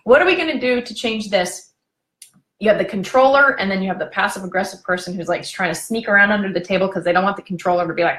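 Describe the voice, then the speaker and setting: A woman relationship coach giving a chatty, animated live video training, laughing often and drifting into tangents. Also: medium pitch, quick pace. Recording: echoey room.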